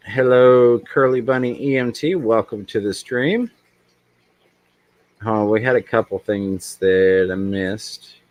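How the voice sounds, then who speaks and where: Male stream host, low and dry, chatty and rambling, reads chat out loud. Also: slow pace, long pauses, no room sound. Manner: rambling, reads chat aloud, many ums. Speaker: livestream host. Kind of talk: casual livestream chat.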